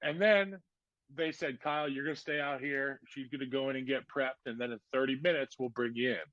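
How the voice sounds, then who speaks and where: A man's voice: mid-range voice, a little fast, no echo. Chatty man telling a birth story. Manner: animated, lots of "like" and "you know". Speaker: podcast guest. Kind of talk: casual storytelling. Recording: dull lo-fi podcast audio.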